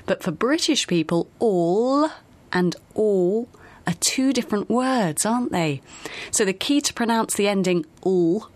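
A woman co-hosting a radio pronunciation lesson, speaking carefully and demonstrating sounds slowly. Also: mid-range voice, lively intonation, no echo. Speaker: co-host of English pronunciation lesson.

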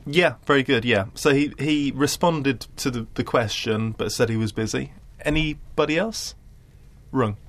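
A man's voice: medium pitch, unhurried, fairly bright tone. A man teaching an English class, patient and encouraging with his students.

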